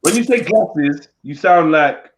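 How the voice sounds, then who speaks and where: A man's voice: a little high, animated, slow, slight background noise. A man hosting a casual live stream, teasing and mimicking accents with frequent laughs.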